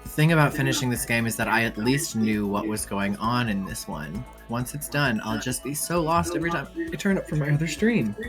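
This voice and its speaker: This co-host chats playfully on a game stream and pokes fun at themselves. Their pitch sits in a middle range but swings widely, over faint background music. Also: lively intonation, brisk, few pauses. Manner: playful and self-mocking. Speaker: voice actor and co-host. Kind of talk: casual banter during a game stream.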